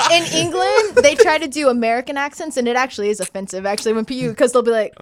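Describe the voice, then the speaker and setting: A woman's voice: sits high, expressive, a little fast, fairly bright tone, dry recording. A woman co-hosting a live studio chat show, easygoing and laughing along. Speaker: co-host. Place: small studio.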